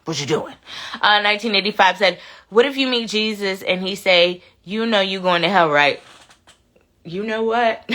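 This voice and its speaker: A woman's voice: mid-range voice, moderate pace, a bit bright. A woman hosting a casual live chat, reading viewer comments aloud, laughing and talking back to them. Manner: chatty, laughs often, talks back to commenters.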